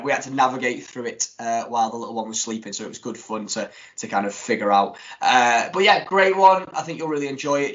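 A man co-hosting a podcast in casual chat, jokey and animated. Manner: animated and jokey, with big swings in pitch. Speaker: podcast co-host. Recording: dull lo-fi podcast audio.

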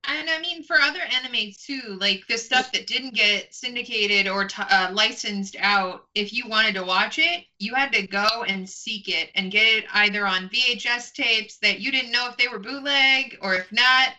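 A woman's voice: on the high side, moderate pace, hardly any pauses, sharp tone, rough recording. A woman in her thirties chatting casually on a podcast, rambling with fillers. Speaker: podcast co-host. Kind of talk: casual chat.

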